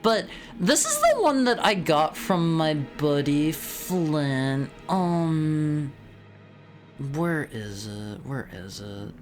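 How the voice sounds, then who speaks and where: A man streaming, chatting casually in an animated way, often restarting and repeating words. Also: fairly high pitch, extremely slow, faint music behind.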